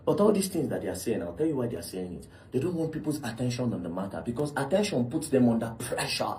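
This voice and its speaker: Animated Nigerian man commentating. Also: medium pitch, fast talker. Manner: animated, talks to viewers as bro, uses Pidgin. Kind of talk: casual commentary.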